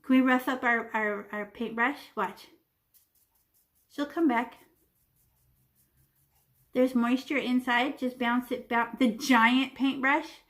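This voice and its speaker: Playful woman teaching kids to paint. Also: fairly high pitch. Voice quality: playful, animated, with sound effects. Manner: talks while painting, demonstrating step by step. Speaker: art teacher. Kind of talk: children's painting lesson.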